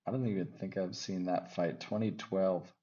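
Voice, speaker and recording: A man talking through his fight picks in a put-on Australian accent, rambling and thinking out loud as he second-guesses himself. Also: low-pitched, steady tone, moderate pace, dull audio. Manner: rambling, thinking aloud, self-correcting. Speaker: MMA fight picks commentator. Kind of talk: casual fight-pick chat.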